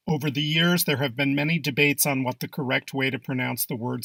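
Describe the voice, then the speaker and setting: A man reading scripted narration for an English pronunciation lesson, with an even, measured delivery. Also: medium pitch, vocal fry, dry recording.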